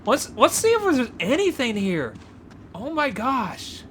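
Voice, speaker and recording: A woman gives excited gameplay commentary, often gasping and exclaiming as she explores. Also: fairly high pitch, unhurried, background noise. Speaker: gameplay video creator.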